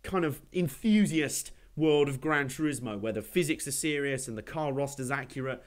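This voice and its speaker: A man hosting a gaming channel, giving animated, jokey commentary over a racing game he is playing. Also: medium pitch, normal speed. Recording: game car noise under voice. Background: racing game engine noise.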